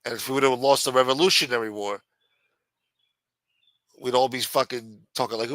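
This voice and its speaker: Middle-aged man, heated profane rant, bright edge, dry close sound. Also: medium pitch, a little fast, long pauses, dry recording. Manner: blunt, heated, swears constantly. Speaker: live-stream host. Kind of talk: profane ranting monologue.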